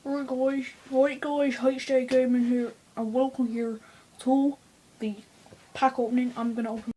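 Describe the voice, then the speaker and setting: A boy putting on a high, hyped gaming-intro voice. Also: level tone, measured pace, warm tone, slight background noise. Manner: hyped, repetitive. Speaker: gaming YouTuber. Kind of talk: put-on accent gaming intro.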